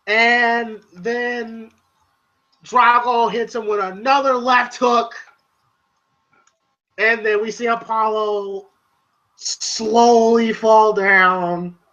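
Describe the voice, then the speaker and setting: A movie reviewer giving a casual spoken review, excitable and profane, retelling scenes in long run-on recaps. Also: medium pitch, highs cut off.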